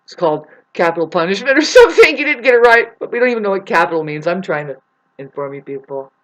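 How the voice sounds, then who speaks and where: A man's voice: high-pitched, big pitch swings, fast talker, fairly bright tone, rough recording. Rambling profane man ranting on a vlog. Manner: rambling, swears a lot, jumps between topics, restarts. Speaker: vlogger.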